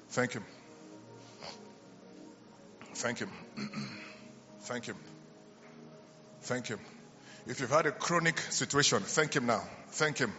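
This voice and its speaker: A man's voice: medium pitch, a little hiss or hum. A man preaching a healing sermon in a large church, fervent and calling out to the congregation. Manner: fervent, shouting call-and-response. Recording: lo-fi church hall recording with reverb.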